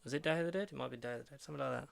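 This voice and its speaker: A man's voice: mid-range voice, rapid-fire, gravelly. A man co-hosting a podcast, recapping plots in a rambling way, full of "like" and restarts. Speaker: podcast co-host. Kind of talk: casual chat.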